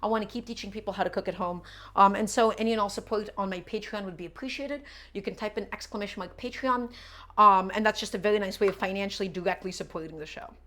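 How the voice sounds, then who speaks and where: A woman's voice: mid-range voice, quick pace, a bit bright. A woman hosting a live cooking stream, chatting casually with viewers and repeating her instructions as she works.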